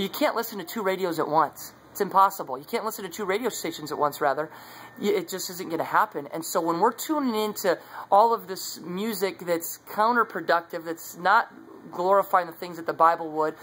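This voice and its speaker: A man's voice: high-pitched, sharp tone, slight background noise, low-quality recording. A man sharing his faith in a casual devotional talk, earnest and conversational, recorded on a phone. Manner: earnest, conversational, many fillers.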